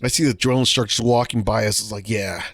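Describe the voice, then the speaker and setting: A man co-hosting a podcast, telling boot camp stories in a casual, animated, profane way with acted-out quotes. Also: mid-range voice, fast, slightly rough, no room sound. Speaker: podcast co-host. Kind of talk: casual storytelling chat.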